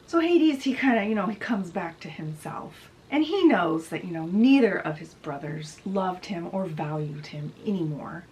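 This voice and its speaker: A woman's voice: fairly low pitch, lively intonation, normal speed, few pauses, a little mellow, slight background noise, low-quality recording. A woman hosting a book video, chatty and digressive as she retells a story in a casual summary.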